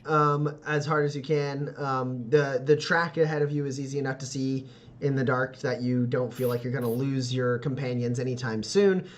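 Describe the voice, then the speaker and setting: A man's voice: medium pitch, steady tone, moderate pace. A man narrating a tabletop role-playing game as game master, rambling with lots of "like" and "uh" and laughing often.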